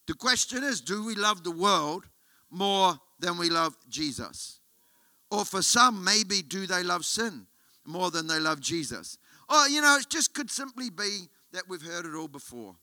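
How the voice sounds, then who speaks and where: In a church auditorium, an Australian guest pastor delivers a sermon, telling a story that builds to emphatic, rising appeals. His voice is high-pitched, animated and sharp, unhurried in pace, with no echo.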